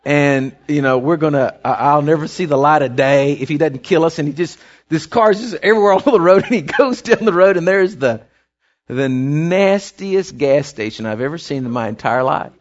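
A man's voice: on the high side, expressive, moderate pace. A man preaching a sermon, telling a story in a folksy, rambling way. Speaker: pastor. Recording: dull lo-fi recording.

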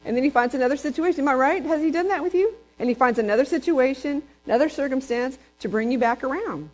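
A woman from Texas, preaching a sermon in a lively storytelling way and asking the congregation questions. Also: high voice, fast talker, low-quality recording. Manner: lively storyteller who acts out quotes and asks the congregation questions.

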